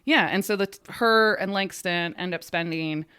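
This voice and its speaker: A woman's voice: fairly low pitch, normal speed, smooth. A woman hosting a casual podcast, telling a history story in a chatty way and acting out quotes. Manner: chatty, animated, acts out quotes.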